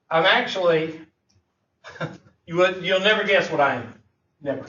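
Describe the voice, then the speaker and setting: High-voiced guy teaching math, jokey, far off in an echoey classroom. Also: normal speed, pauses often, bright, forceful tone. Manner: joking, folksy, drawled Southern phrasing. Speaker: math instructor. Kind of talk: classroom lecture. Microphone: far room mic. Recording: echoey, distant, muffled classroom recording.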